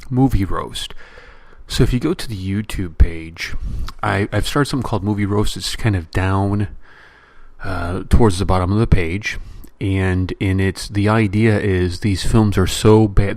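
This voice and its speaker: A man's voice: low-pitched, no room sound. A man hosting a podcast in a casual, blunt style, full of fillers and restarts, building exasperated exaggerated comparisons. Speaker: podcast host. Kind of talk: casual movie-review rant.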